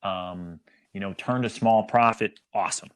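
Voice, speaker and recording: A man's voice: fairly low pitch, normal speed, a bit bright, smooth. A man talking as a guest on a casual chat podcast, telling a story hesitantly and with many fillers.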